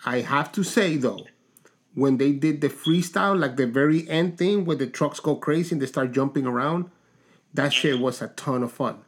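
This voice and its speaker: A man co-hosting a podcast in casual chat, telling stories in a halting way with many restarts. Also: on the high side. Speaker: podcast co-host.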